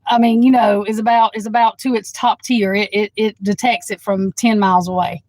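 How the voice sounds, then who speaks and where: A woman's voice: mid-range voice, fairly even intonation, normal speed, a little mellow, dry recording, poor audio. A woman doing a live tarot reading into her phone, chatting frankly, swearing and laughing often as she talks to the viewer. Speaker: tarot reader.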